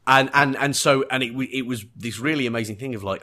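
Talking fast in a sharp, mid-range voice, an English podcast co-host chats casually about a TV episode. He is enthusiastic and thoughtful, frequently hunting for the right words.

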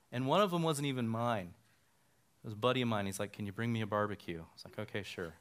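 A man's voice: mid-range voice, fairly bright tone, clear, resonant tone. A middle-aged man, a pastor, telling a personal story as a sermon and acting out the dialogue he quotes. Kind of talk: sermon testimony.

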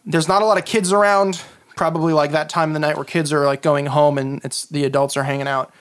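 A man's voice: fairly high pitch, flat delivery, fast, clean tone. A man running a tabletop game as game master, describing scenes in a loose, rambling way full of fillers.

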